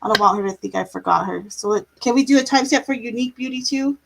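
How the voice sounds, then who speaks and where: A woman's voice: a little high, quick pace, creaky, noisy background. A woman doing tarot readings on a live stream, chatty, laughing now and then, drawing out her words. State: yawning, a bit tired. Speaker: tarot reader.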